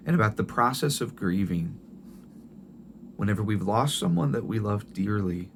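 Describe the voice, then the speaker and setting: Middle-aged guy preaching, soft tender way of talking, lowish voice, faint noise behind. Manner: gentle, tender storytelling with many restarts. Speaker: pastor. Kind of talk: sermon.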